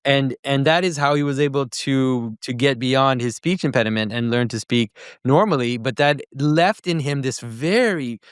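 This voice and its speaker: Earnest middle-aged man, smooth and dry. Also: medium pitch, moderate pace, few pauses, no echo. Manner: earnest, reflective. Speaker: podcast host. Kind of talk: conversational interview.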